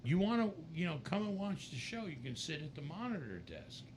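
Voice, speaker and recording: A man's voice: a little high, very animated, a little fast, a little hiss or hum, pitched above the performer's own voice. A man imitating a bubbly, friendly woman who sounds cheery and welcoming. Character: bubbly friendly woman, chatty manager type.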